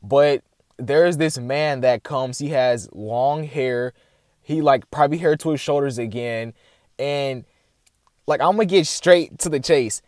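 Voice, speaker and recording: A young man chatting casually to camera and recounting a dream, rambling with lots of filler words and animated bursts. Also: mid-range voice, unhurried, dry recording, studio quality. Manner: rambling, heavy "like" filler, addresses "guys"; excited and animated retelling. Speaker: vlogger sharing a dream.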